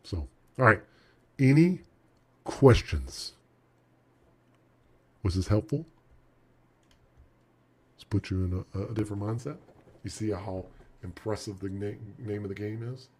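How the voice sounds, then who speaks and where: A man teaching a trading lesson over charts, animated and emphatic, talking straight to the viewer. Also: on the low side, measured pace, pauses often, slightly rough. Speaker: trading instructor.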